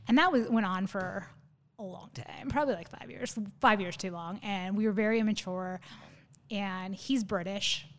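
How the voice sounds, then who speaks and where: A woman's voice: mid-range voice, moderate pace, creaky. A woman in her thirties, a podcast guest, telling a personal story in a nervous, rambling way with many fillers and restarts. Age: 30s.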